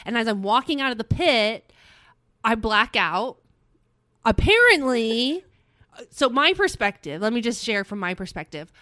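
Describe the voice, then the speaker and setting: A young woman telling a story in casual chat, animated and swearing, acting out what people said. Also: a little high, measured pace, no echo, studio quality.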